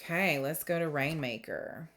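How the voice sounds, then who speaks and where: A woman giving a tarot reading to camera, speaking in a heartfelt, reflective way with pauses and fillers. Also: deep voice, a bit bright, soft background music. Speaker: tarot reader.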